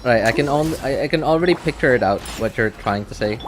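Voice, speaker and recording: A man's voice: medium pitch, animated, fast, noisy background. A man streaming a game and chatting casually, rambling and laughing at himself. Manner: rambling, self-mocking, laughs often. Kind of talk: casual live-stream chat.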